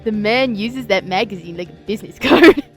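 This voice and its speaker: A woman's voice: mid-range voice, lively intonation, moderate pace, faint music behind. A woman co-hosting a game let's play, chatting casually with sarcastic asides and frequent laughter. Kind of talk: casual chat while voicing game lines.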